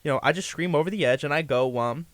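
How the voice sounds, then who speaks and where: A man's voice: on the high side, quick pace, fairly bright tone, dry recording. A young man, a guest on a talk show, casually telling a long story, full of fillers, restarts and "you know".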